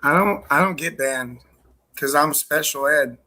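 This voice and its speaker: A man hosting a live stream, brash and teasing, with crude jokes and shout-outs to viewers. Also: on the high side, unhurried. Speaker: streamer host. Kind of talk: casual live-stream banter.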